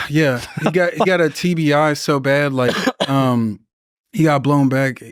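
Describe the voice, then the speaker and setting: A man's voice: fairly high pitch, fairly even intonation, unhurried, clear, resonant tone, no echo, studio quality. A young man, a veteran guest on a podcast, telling rambling, profanity-laced stories in casual conversation. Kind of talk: casual storytelling interview.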